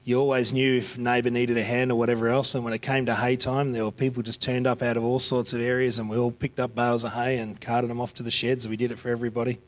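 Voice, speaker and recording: A man's voice: mid-range voice, flat delivery, fast, hardly any pauses. A middle-aged man preaching a heartfelt sermon, praying aloud and telling folksy country stories. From Australia.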